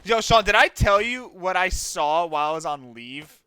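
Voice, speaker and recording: A young man from New Jersey chats while streaming a game, his voice high and bright. He tells animated stories and swears freely. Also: normal speed, smooth, dry recording. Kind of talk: casual chat while gaming.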